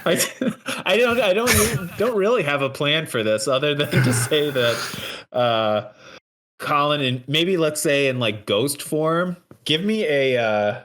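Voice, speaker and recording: A man's voice: mid-range voice, fairly bright tone. A man running a tabletop role-playing game as game master, narrating and often laughing.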